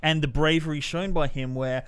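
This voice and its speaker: A man's voice: on the high side, moderate pace, clean tone, no room sound. Man chatting animatedly on a podcast, dry sound. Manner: animated, retells scenes in acted-out quotes. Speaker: podcast co-host. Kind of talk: casual film discussion.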